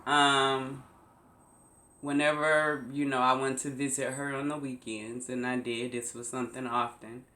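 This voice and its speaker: A woman vlogger telling a personal story to her viewers, slow and emphatic, repeating phrases for weight. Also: a bass voice, flat delivery, pushed and bright, reverberant. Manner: slow, repetitive, emphatic retelling. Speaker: YouTube vlogger.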